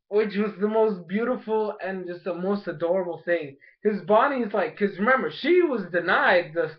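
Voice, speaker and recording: High-voiced man rambling through a review. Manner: rambling and animated, acts out characters' lines. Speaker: anime episode reviewer. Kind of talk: casual spoken review. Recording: dull lo-fi sound.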